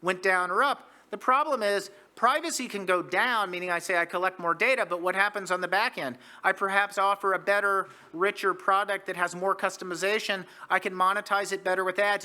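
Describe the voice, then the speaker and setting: An American professor giving a conference lecture, who argues briskly and poses rhetorical questions to the audience. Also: male voice, high voice, pushed and bright. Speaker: economics professor, panelist. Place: conference hall.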